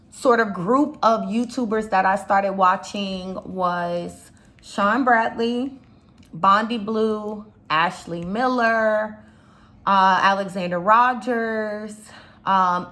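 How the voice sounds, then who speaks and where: A young woman with a slight Chicago accent chats through a casual commentary vlog. Her voice is bright and forward, sitting at an average pitch, and she rambles with plenty of fillers and side remarks. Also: slow. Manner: chatty, rambling, lots of fillers and asides. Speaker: YouTube commentator.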